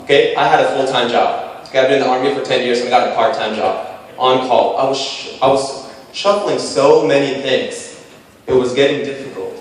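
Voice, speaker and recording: A man in his late twenties telling a personal story to a panel, animated and self-deprecating, with punchy repeated phrases. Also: mid-range voice, moderate pace. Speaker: speaker pitching to a panel. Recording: echoey hall, voice from far off.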